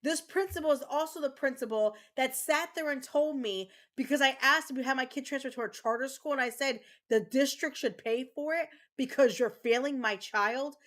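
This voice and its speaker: A woman's voice: sits high, normal speed, hardly any pauses, a bit bright. Angry ranting woman streamer. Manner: angry ranting, swears, repeats herself. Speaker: streamer, mother. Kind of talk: casual livestream chat while gaming.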